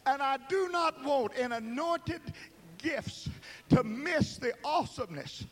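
A man preaching a sermon, swinging between fervent shouting and hushed, slow emphasis, with dramatic repeated words. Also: very high voice, animated.

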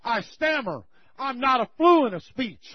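A man's voice: high voice, animated, normal speed, dry recording. A man voicing a nervous, reluctant male prophet who stammers, in a folksy drawl. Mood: stammering. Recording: slightly muffled recording.

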